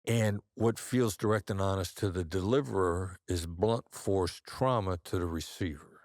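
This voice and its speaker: A man as a guest on an interview podcast, telling measured anecdotes and acting out the voices he quotes. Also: low voice, a little mellow, no room sound, clean studio sound. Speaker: guest, negotiation expert.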